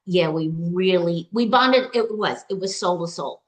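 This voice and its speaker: A woman with a somewhat low voice speaks as an interview guest, sharing a personal experience. Her telling is halting and emotional, full of fillers, restarts and quoted exchanges. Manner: recounts dialogue in quoted voices. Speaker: retreat client, interview guest. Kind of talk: personal story, conversational.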